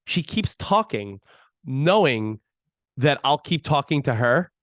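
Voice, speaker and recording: A man co-hosting a parenting podcast, chatting casually and telling animated stories about his kids. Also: medium pitch, slow pace, dry recording, clean studio sound. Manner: animated storytelling, acts out his kids' voices. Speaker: podcast co-host. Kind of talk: casual chat.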